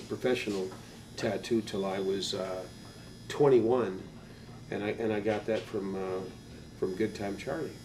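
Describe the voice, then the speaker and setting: An older man, a tattoo artist, telling stories in a casual interview, rambling and animated and swearing casually, heard on a slightly distant mic. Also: medium pitch, slight background noise.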